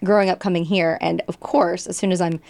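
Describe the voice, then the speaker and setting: A woman's voice: fairly low pitch, fairly even intonation, fairly quick, vocal fry, darkish tone, no room sound. A woman from England, a guest in casual chat, talking in an upbeat way.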